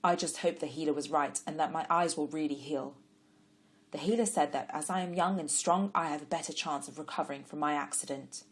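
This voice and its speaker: A woman voicing a blind young man of ancient times who is earnest and hopeful, speaking a little louder and higher than her narration. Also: fairly even intonation, fairly quick, natural voice. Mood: musing. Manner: earnest, eager questions.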